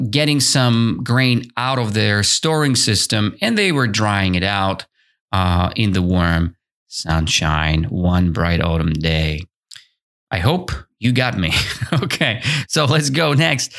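Slow-talking male teacher. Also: mid-range voice, fairly bright tone. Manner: chatty and encouraging, with frequent fillers. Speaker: English teacher. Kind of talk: podcast lesson explaining a story.

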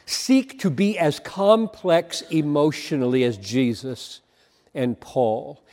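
A man's voice: a little high, a little mellow. An older man preaching a sermon, earnest and emphatic, often repeating himself as he builds a point. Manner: earnest, emphatic, with halting repetitions. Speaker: pastor. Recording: long hall reverb.

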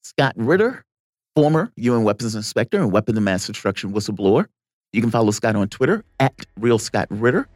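Lively male podcast co-host. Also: lowish voice, brisk, no room sound, clean studio sound. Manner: animated, laughs often, slips into impressions. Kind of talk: casual banter on a political podcast.

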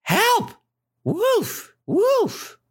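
A man voicing a mischievous young shepherd boy in a read-aloud story, shouting shrilly. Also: sits high, lively intonation, measured pace, voice pushed up, full character voice. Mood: shouting alarm.

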